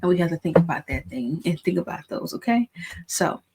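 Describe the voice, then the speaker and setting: A young adult woman with a Southern country accent, coaching pharmacy students in a fast, excitable, chatty way. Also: fairly low pitch, creaky, breathy edge. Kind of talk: casual teaching talk to camera.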